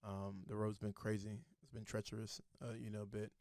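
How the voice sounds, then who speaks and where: A man's voice: on the low side, monotone, normal speed, darkish tone, no echo, studio quality. A young man, a podcast guest, telling his faith story in a casual, earnest way and acting out the voices of the people in it.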